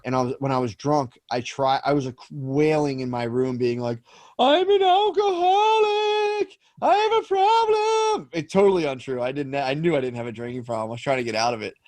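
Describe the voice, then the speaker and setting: A man's voice: medium pitch, steady tone, fast, few pauses, a little mellow, no echo. A man co-hosting a podcast, telling rambling, profane stories in casual chat with lots of restarts. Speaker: podcast co-host.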